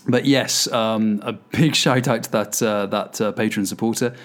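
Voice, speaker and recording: Guy rambling on his podcast, kinda low voice, self-deprecating, lots of ums. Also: fairly even intonation, normal speed. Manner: chatty and self-deprecating, with fillers. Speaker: podcast host. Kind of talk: casual solo podcast monologue.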